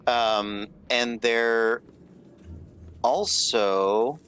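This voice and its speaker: A man's voice: mid-range voice, fairly even intonation, drawn-out words, a bit bright, slight background noise. A man narrating as game master of a tabletop game, loose and apologetic, with lots of fillers.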